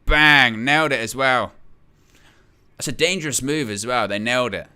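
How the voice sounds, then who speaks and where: A man hosting a watch-along, giving excitable live reaction commentary and repeating his exclamations. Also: medium pitch, normal speed, smooth.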